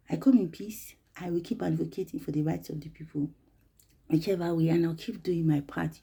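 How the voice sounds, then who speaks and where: Emphatic Nigerian woman with a gravelly voice. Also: mid-range voice, dark tone. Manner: emphatic, rhetorical, slips into pidgin. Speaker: advocate commentator. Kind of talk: passionate opinion monologue.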